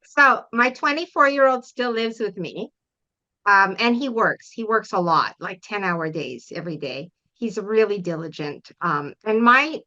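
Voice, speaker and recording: Middle-aged woman, parent coach guest; bright, firm tone, earnest explainer, slightly muffled lo-fi sound. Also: mid-range voice, lively intonation, a little slow. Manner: earnest, explains with frequent check-in questions. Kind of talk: interview guest.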